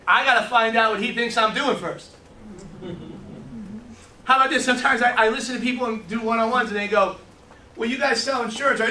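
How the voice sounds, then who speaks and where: Speaking fast but with long pauses, this man has a very high, bright, forceful voice. He's a brash, joking storyteller running a live sales training for a small group in a meeting room, firing questions at them. The recording is echoey, taken from a distance, with a bit of background noise.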